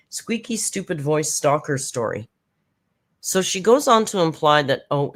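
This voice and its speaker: A casual commentary host talking through a recap at a mid-range pitch. The delivery is chatty and sarcastic, full of mocking asides.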